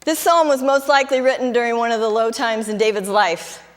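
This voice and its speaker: Woman pastor, middle-aged, high voice, conversational sermon with fervent peaks, long church-hall reverb. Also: fairly even intonation, a little fast. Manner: conversational preaching, rises to fervent emphasis. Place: church sanctuary.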